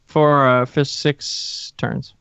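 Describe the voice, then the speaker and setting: A man's voice: medium pitch, little pitch movement, drawn-out words, creaky, sharp tone. A man playing a tabletop game, chatting casually and explaining his spells in a laid-back way. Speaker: player. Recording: dull lo-fi stream audio.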